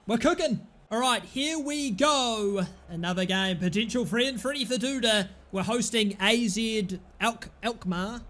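A young man commentating his own football video game play, excitable, shouting at big moments and muttering in between. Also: sits high, measured pace. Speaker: gaming commentator. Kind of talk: live let's-play commentary.

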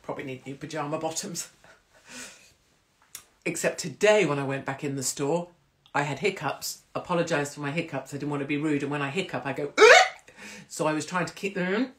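A woman's voice: deep voice, a little fast. Chatty woman telling stories. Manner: chatty, animated storytelling with acted-out voices. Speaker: livestream host. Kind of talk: casual chat to live viewers.

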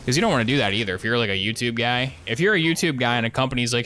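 Bright-voiced man riffing over gameplay. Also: medium pitch, rapid-fire, hardly any pauses, faint music behind. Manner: sarcastic, rambling, jokey asides. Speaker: gaming streamer. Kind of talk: casual live gameplay commentary.

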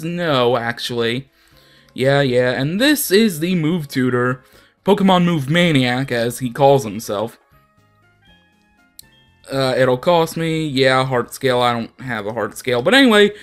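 Young male gaming host, casual and rambling, lively swings in pitch. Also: normal speed, faint music behind. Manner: chatty, rambling, self-deprecating. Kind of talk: casual let's play commentary.

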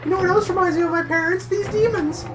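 A man putting on a shrill, sing-song, overexcited high cartoon mascot voice. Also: quick pace. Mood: squeaky giddy. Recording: music playing underneath.

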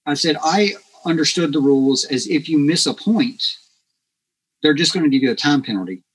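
Guy on a podcast spinning a yarn, kinda raspy, higher voice, acts out what everyone said. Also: normal speed, low-quality recording. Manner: animated, acts out quoted dialogue. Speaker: podcast guest. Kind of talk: casual storytelling.

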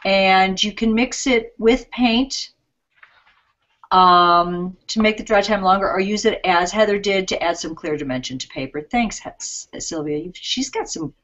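A woman co-hosting a live craft show, relaxed and casual, catching up and reading out viewer comments. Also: mid-range voice, measured pace, lo-fi sound.

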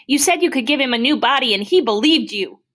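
A woman's voice: medium pitch, lively intonation, moderate pace, breathy edge, voice pushed up. A woman voicing a blunt, angry teenage boy who speaks in a raised, urgent, pleading way. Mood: upset.

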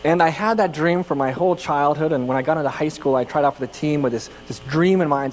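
A man's voice: fairly high pitch, fast, hardly any pauses, in a large hall, a little hiss or hum, rough recording. A man from California preaching a sermon as pastor, telling personal stories in a conversational, self-deprecating way with frequent restarts. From California, United States.

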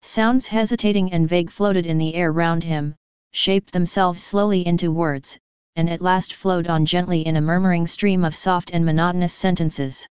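A woman reading an audiobook story in a slow, measured narration. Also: lowish voice, steady tone, a little mellow, clean tone, no room sound, highs cut off. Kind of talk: scripted narration.

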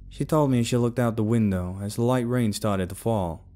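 A man narrating a first-person story in a rough, casual tough-guy way, with plenty of swearing, over faint music. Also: mid-range voice, normal speed, few pauses, darkish tone.

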